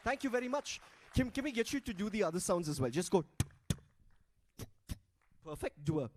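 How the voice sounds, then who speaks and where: A man's voice: high voice, big pitch swings, moderate pace, noisy background. A man hosting a live event on stage, playfully teasing and coaxing the audience into group activities over a handheld mic. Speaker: event host.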